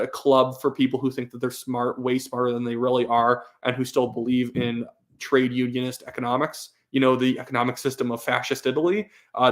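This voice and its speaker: A young man hosting a live stream, reading chat questions aloud and giving his opinions with many fillers and restarts. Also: medium pitch. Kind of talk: casual live-stream commentary.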